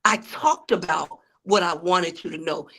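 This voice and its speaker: A woman's voice: lowish voice, unhurried, a bit bright. Woman preaching her testimony. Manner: preachy, addresses audience as y'all. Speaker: author and preacher. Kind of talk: testimony-style interview talk.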